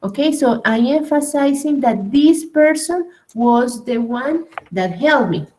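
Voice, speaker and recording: A woman whose first language is Spanish, teaching an English grammar class at a slow, hesitant pace and often checking in with "right?". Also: high-pitched, animated, darkish tone, rough recording.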